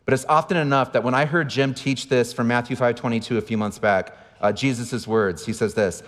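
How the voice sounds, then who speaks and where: A man's voice: mid-range voice, fairly even intonation, a little fast, hardly any pauses, fairly bright tone. Guy in his 40s preaching, candid and kinda self-deprecating, long echo in a big church. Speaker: pastor. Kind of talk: conversational sermon. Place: large church auditorium. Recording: long hall reverb.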